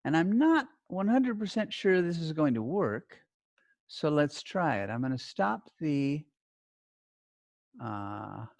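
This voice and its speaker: A middle-aged male teacher speaks slowly and carefully over a video call, his pitch rising and falling in lively swings as he stresses key words. The sound is dry, with almost no room echo. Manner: clear, deliberate instruction-giving with emphatic stress. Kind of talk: online class instructions.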